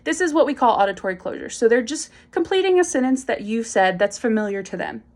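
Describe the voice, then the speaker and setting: A woman explaining speech activities to parents, clear and encouraging, acting out the example phrases with strong emphasis. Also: fairly high pitch, animated, quick pace. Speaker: speech and language instructor. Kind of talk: instructional demonstration for parents.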